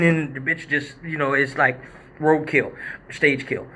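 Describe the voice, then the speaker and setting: A man hosting a live show, telling a story in a casual, animated, profane way and acting out quotes and sound effects. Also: on the high side, measured pace, slight background noise.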